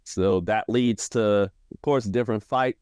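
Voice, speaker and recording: A man co-hosting a podcast, recapping an anime storyline in a casual, animated way and acting out the characters' lines. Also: a little slow, clear, resonant tone, no echo, studio quality. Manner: animated, acts out character quotes with shifting pitch. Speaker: podcast co-host.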